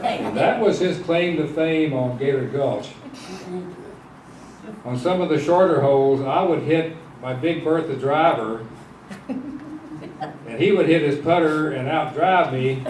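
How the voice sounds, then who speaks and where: A man telling relaxed golf anecdotes at a memorial. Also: a little high, slow, pauses often, a little hiss or hum. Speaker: memorial speaker. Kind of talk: personal eulogy story. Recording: echoey room, distant mic.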